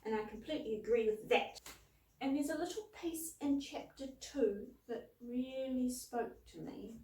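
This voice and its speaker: A woman's voice: a little high, unhurried, warm tone. A woman reviewing a children's book and reading from it aloud, in a playful, self-deprecating way. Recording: roomy, distant mic.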